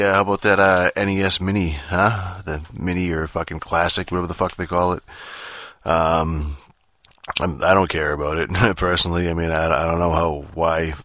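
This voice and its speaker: A man's voice: low-pitched, fairly bright tone, no echo, studio quality. A man hosting a podcast, rambling through a casual monologue, swearing constantly and full of fillers and restarts. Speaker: podcast host.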